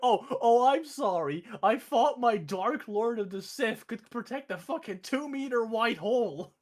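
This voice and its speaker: A petulant old galactic emperor, as a man puts him on, pitched up high above a normal speaking voice. He rants in exasperated, profane sarcasm. The delivery is a comic impression tossed off during casual chat. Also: big pitch swings, slow, a bit bright, full character voice. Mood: ranting.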